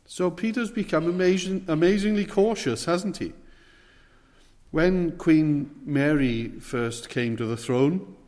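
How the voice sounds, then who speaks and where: A man preaching a sermon, earnest, stressing words slowly and asking rhetorical questions. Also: mid-range voice, darkish tone. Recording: long hall reverb.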